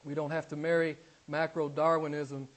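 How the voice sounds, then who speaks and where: A man preaching a sermon as pastor, emphatic and repeating his key phrases, moving from loud stresses to low, quiet asides. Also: level tone, normal speed. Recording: live church sermon.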